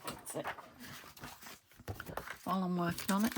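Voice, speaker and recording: A British woman crafting a journal, talking to herself as she works and often trailing into soft half-whispers. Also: fairly low pitch, moderate pace, noisy background. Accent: British English. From United Kingdom. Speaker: craft channel host. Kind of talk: casual crafting commentary.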